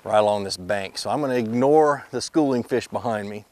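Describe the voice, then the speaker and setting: A man hosting a fishing video from a boat outdoors, excitable and quick to laugh, talking to the fish as he reels them in. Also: fairly low pitch, no room sound. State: out of breath.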